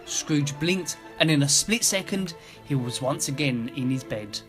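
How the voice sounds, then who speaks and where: Male narrator, storybook reading, higher-pitched, lively. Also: a little slow, soft background music. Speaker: video narrator and channel host.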